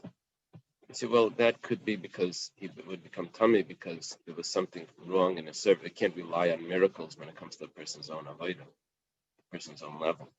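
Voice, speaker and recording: A man's voice: sits low, fairly even intonation, fairly quick, muffled recording. A man teaching a Talmud class in plain English, mixing in Aramaic and Hebrew quotes, with fillers and restarts. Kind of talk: daf yomi Talmud class.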